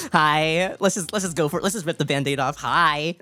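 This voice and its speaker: A woman with a low, dusky speaking voice chats on a live stream. She is giggly, excitable and playful, talking close into a desk mic, with faint music underneath. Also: normal speed. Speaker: VTuber streamer. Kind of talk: casual live-stream chat.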